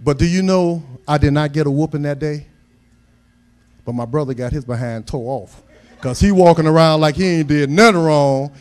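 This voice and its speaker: High-voiced preacher, folksy and emphatic. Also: male voice, moderate pace, darkish tone. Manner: folksy, humorous storytelling that builds to emphatic preaching. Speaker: pastor. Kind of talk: sermon.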